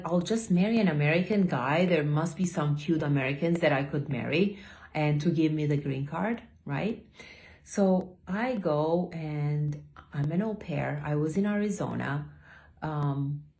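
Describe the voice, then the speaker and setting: A woman telling her personal story in a casual, animated way. She acts out quoted lines with big leaps in her voice. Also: low voice, unhurried, vocal fry. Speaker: academy founder telling her life story.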